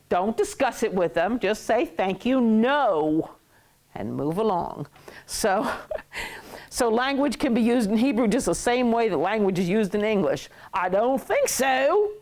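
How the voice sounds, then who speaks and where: A woman teaching a Hebrew class, playful and quick to laugh, acting out everyday phrases for her students in a classroom. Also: medium pitch, darkish tone. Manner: playful, laughs often, acts out market phrases.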